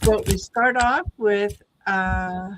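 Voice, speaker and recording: A woman's voice: medium pitch, slow pace, fairly bright tone, rough recording. A woman hosting a live tarot reading stream, chatting casually and calling out viewers by name. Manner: friendly, calls out viewer names.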